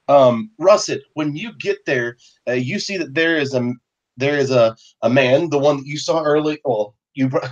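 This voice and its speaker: A man's voice: medium pitch, highs cut off. Chatty man running a tabletop game. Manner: relaxed, chatty, with frequent fillers. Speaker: game master.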